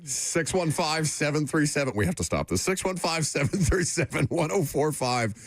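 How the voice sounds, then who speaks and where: Wry sports radio host, dry studio. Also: male voice, on the high side, animated, moderate pace, no room sound. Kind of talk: casual radio banter.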